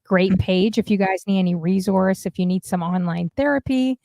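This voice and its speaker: A woman hosting a casual livestream talk show, chatty and friendly with her chat, giving shout-outs as she goes. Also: medium pitch, moderate pace, creaky, dry recording. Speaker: stream talk show host.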